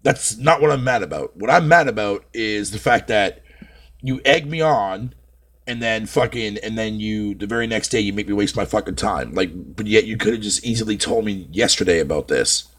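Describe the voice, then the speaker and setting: A man's voice: on the low side, moderate pace, fairly bright tone. A man live streaming, venting at length in a casual, rambling way, swearing heavily and leaning on filler phrases.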